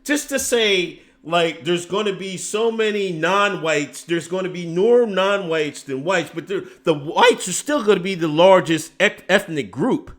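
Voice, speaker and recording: Guy hosting a commentary stream, kinda high voice, super lively pitch, rambles and restarts a lot. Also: a little slow, hardly any pauses. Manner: rambling, goes off on tangents, restarts sentences. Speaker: host. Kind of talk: casual political commentary stream.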